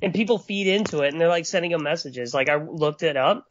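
A man co-hosting a podcast in casual chat, rambling and jokey with deadpan asides. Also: fairly high pitch, fast talker, no echo. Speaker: podcast co-host. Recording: dry, dull lo-fi audio.

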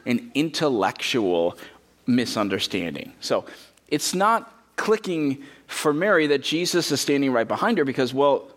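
A man preaching a sermon in a church, talking casually and acting out quotes in character. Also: mid-range voice. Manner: conversational, animated, acts out quotes in character. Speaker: pastor.

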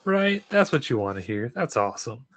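A man's voice: medium pitch, big pitch swings, normal speed, slight background noise. A man co-hosting a podcast, chatting enthusiastically and casually about a convention. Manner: enthusiastic, chatty, many restarts. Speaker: podcast co-host. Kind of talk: casual chat.

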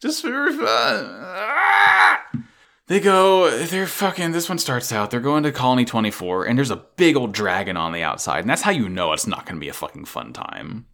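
A man's voice: fairly low pitch, sing-song, fast, few pauses, fairly bright tone. A man co-hosting a casual podcast chat about an anime episode, sarcastic and full of profanity. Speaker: podcast co-host.

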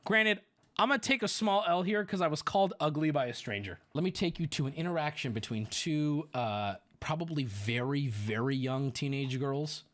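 A male streamer in casual commentary, telling a story in a sarcastic, profane, animated way. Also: fairly high pitch, moderate pace.

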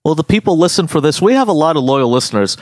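A young man co-hosting a podcast, ranting and joking in animated, slangy casual chat. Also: fairly high pitch, quick pace, dry recording. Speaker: podcast co-host.

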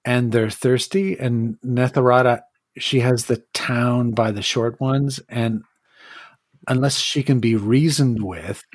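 A man runs a tabletop game as its narrator, speaking slowly at a mid pitch. He often pauses and restarts, filling gaps with "um." His voice sounds dry and close to the mic. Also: fairly even intonation, dry recording. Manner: unhurried, hesitant with fillers and restarts. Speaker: game master.

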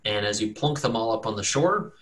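A man's voice: on the low side, expressive, a little fast, a bit bright. A man narrating as game master in an easygoing, rambling way, with frequent fillers.

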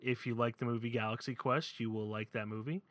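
Excitable male podcast co-host from the Philly area, bright, punchy delivery. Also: medium pitch, a little fast, dry recording. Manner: animated, excitable, swears freely. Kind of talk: casual chat.

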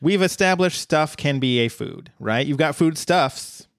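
A man's voice: on the high side, lively intonation, a little slow, gravelly, dry recording, clean studio sound. A man co-hosting a casual podcast chat, joking and playfully mocking. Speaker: podcast co-host.

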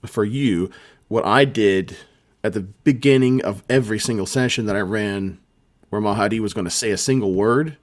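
A man's voice: fairly low pitch, moderate pace. A man who runs tabletop games, co-hosting a podcast and explaining himself in an earnest, rambling way. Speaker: podcast co-host and game master. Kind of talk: casual chat.

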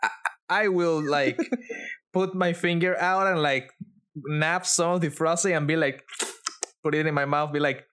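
A man playing a tabletop game, playful and quick. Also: a little high, steady tone, a bit bright, clean tone. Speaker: player. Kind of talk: tabletop role-play.

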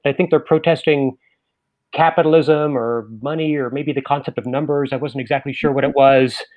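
Man storyteller, dry deadpan comic delivery, mid-pitched voice, live audience piece. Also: normal speed, phone-quality sound.

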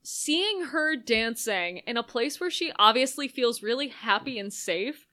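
Female co-host, fairly high and bright voice, wry and opinionated. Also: lively intonation, a little slow. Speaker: podcast co-host. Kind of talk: casual movie recap chat.

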